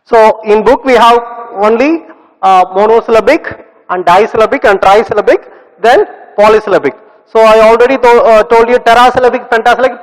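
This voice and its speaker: High-voiced teacher, echoey. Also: male voice. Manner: slow, repetitive, drills sounds syllable by syllable. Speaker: English teacher. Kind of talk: classroom lesson for children. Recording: long reverb.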